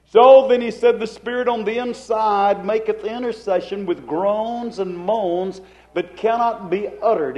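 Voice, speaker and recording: High-voiced fervent male preacher. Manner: fervent preaching, acting out cried prayers; King James phrasing. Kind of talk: sermon. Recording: dull lo-fi recording.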